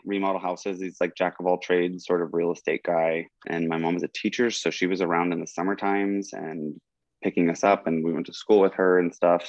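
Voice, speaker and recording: Podcast guest: a low-voiced man, rambly and thoughtful, dull and dry sound. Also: dry recording. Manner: rambling, reflective, full of "like" and "um". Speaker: college teacher. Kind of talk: casual conversation. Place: in Oklahoma.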